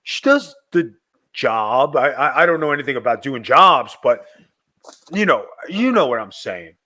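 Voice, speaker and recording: A man hosting a casual chat show, loud and excitable, joking with his co-host. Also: mid-range voice, a little slow.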